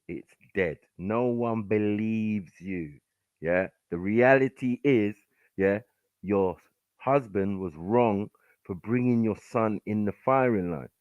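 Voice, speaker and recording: A man's voice: fairly low pitch, dry recording. A man hosting a live podcast panel, angrily berating callers with constant swearing. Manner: aggressive, profane, shouting down callers. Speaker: podcast host. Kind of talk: heated live panel argument. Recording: dull lo-fi stream audio.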